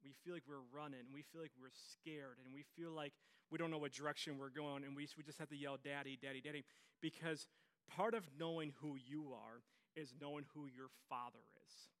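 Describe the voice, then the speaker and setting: A man's voice: a little high, steady tone, fairly quick. A man preaching a sermon as pastor, telling stories with energy and repeating his phrases for emphasis.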